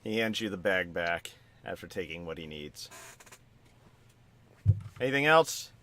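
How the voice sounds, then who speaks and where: A man's voice: deep voice, normal speed, sharp tone, slight background noise. Man narrating as game master.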